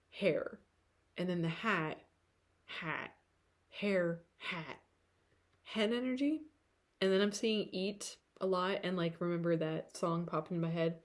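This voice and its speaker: A woman's voice: on the low side, a little mellow. A woman with a tired throat giving a casual tarot reading to camera, chatty and rambling with frequent laughter. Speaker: tarot reader.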